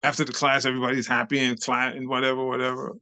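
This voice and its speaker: Gravelly older man telling a street story. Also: mid-range voice, rapid-fire, dry recording. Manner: lively, acts out other voices, street slang and cursing. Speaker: interview guest, nightclub dancer. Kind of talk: animated storytelling in an interview.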